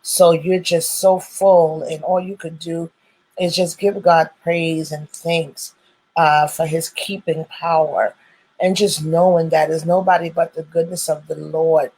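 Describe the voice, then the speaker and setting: A woman's voice: sits low, little pitch movement, a little slow, darkish tone, husky, rough recording. A woman hosting her own live stream, greeting viewers over and over in churchy, welcoming phrases. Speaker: host of a live stream show.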